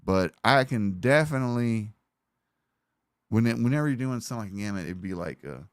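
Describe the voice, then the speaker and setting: A man with an Alabama Southern accent chats offhandedly on a live stream, rambling and swearing as he goes. His voice sits low. The sound is dry and close to the mic. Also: animated, a little fast, clean tone, no echo. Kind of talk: casual live-stream chat.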